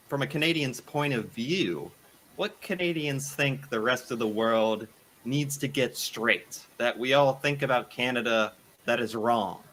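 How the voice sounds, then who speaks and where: A man's voice: mid-range voice, bright, forceful tone, a little hiss or hum. A young man from the United States hosting a casual reaction video, thinking aloud and laughing often.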